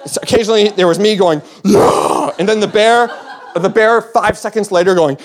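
A man's voice: high voice, fairly quick. A young man telling a personal story on stage, rambling with many fillers and restarts and laughing as he goes.

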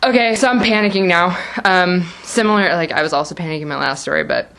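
A woman's voice: lowish voice, fast, gravelly, a crowd in the background. A woman telling a personal story aloud, rambling with lots of fillers and frequent laughter. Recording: noisy live recording.

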